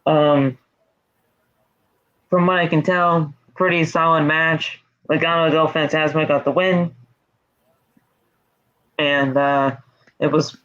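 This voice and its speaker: A man's voice: fairly high pitch, a bit bright. A man hosting a casual wrestling podcast, recapping matches in a rambling way with fillers and restarts. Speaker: podcast host. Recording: muffled lo-fi audio.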